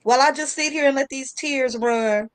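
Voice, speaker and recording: A woman hosting a casual chat show, telling a story in a lively, slangy way with frequent laughter. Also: high voice, normal speed. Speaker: host.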